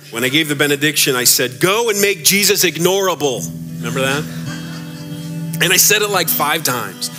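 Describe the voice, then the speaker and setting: A man preaching a sermon as pastor, earnest and repeating rhetorical questions to his church. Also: fairly low pitch. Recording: loud music underneath.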